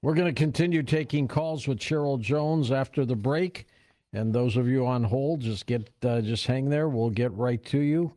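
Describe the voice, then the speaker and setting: A man's voice: mid-range voice, moderate pace, warm tone, no echo, clean studio sound. A man hosting a radio call-in show, offering short affirmations and announcing the break. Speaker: radio talk show host.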